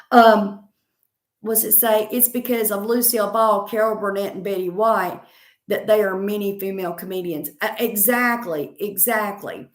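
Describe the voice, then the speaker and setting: A woman's voice: mid-range voice, unhurried, reverberant. A woman comedian with a Southern accent, chatting casually in a rambling, confident way while answering viewer comments. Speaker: stand-up comedian.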